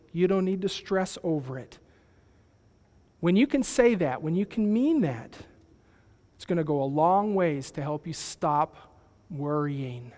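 A man preaching a sermon as pastor, swelling loud on key phrases and dropping soft. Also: high voice, in a large hall.

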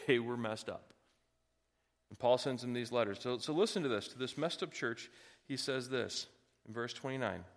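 A man's voice: high voice, fairly bright tone, long reverb tail. A man pastor delivering a sermon with folksy asides, building to emphatic, rising passages.

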